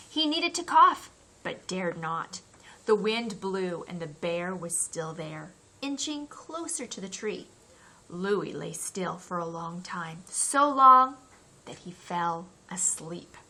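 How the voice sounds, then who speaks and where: A woman reads a children's chapter book aloud, taking her time with each line. Her voice is bright and clear, and she leans into the drama of the scenes. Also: medium pitch. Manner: expressive, acts out the characters' cries. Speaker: audiobook narrator. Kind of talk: scripted narration of a children's novel.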